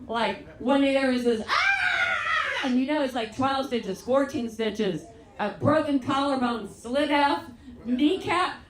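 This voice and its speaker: A woman's voice: sits high, unhurried, shouting. Brash Southern woman doing stand-up. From Louisiana. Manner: brash, bawdy storytelling, big acted-out quotes. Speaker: stand-up comedian. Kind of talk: stand-up comedy set. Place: theatre stage with live audience. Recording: roomy theatre with crowd noise.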